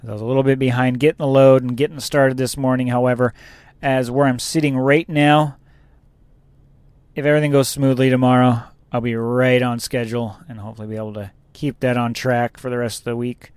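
Male trucker vlogger, rambling casual delivery, mid-pitched, dry close-miked sound. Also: flat delivery, a little fast, a little mellow, smooth, no echo. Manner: rambling, laughs at own story. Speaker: truck driver. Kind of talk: casual chat.

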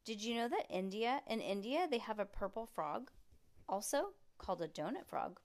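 A woman's voice: a little high, sing-song. A woman reading aloud, voicing an eager young boy who fires off facts and questions. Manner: eager, rapid-fire questioning. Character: chatty excitable young boy full of facts.

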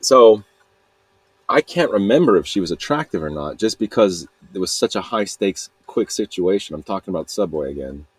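A man's voice: low-pitched, animated, moderate pace, husky, no echo. A young man from Utah rambling through a solo podcast monologue, self-mocking and trailing off mid-sentence. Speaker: podcast host.

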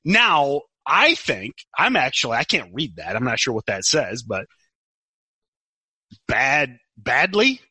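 A man's voice: mid-range voice, sing-song, slow, pushed and bright, breathy edge, no echo. A man co-hosting a podcast in casual chat, teasing and joking. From United States. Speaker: podcast co-host.

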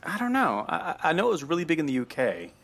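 A man co-hosting a podcast in casual chat, animated and chatty with lots of fillers and restarts. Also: a little high, quick pace, slightly rough. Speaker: podcast co-host. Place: at home with a dog nearby.

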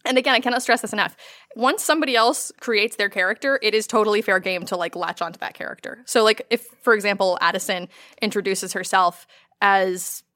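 A woman's voice: medium pitch, fairly quick, pushed and bright. A woman as game master, casually explaining the rules of an improvised murder mystery game. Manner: casual, chatty, lots of "like".

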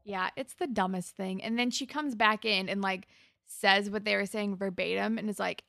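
A young woman recapping scenes as a podcast co-host, her voice often dropping into a gravelly fry. She narrates at an easy pace and laughs between bits. The sound is dry and close. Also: medium pitch, a little fast, bright, forceful tone, no echo. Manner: retelling scenes with laughs and swearing. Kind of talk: casual recap chat.

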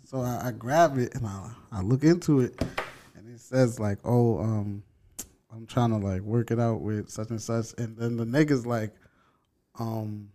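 A man with a mid-range voice talks in a casual group chat. He tells his story with excitement and acts out the quotes himself. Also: medium pitch, a little slow, a little hiss or hum.

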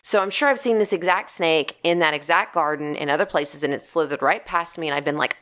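A woman co-hosting a casual chat, telling a garden story in an animated way and acting out her own reactions. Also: low-pitched, fairly quick, few pauses. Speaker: podcast co-host and gardener.

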